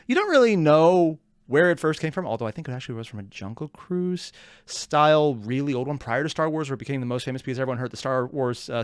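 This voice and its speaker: A man hosting a reaction video, chatting in an excitable, rambling way. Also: fairly high pitch, no echo, clean studio sound. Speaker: reaction channel host. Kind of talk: casual reaction commentary.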